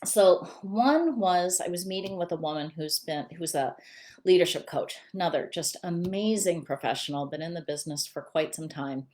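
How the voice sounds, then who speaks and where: Speaking directly to viewers over a computer camera in a live stream, a woman business coach talks in a chatty, welcoming way. Her voice sits on the low side with a darkish tone and a normal pace.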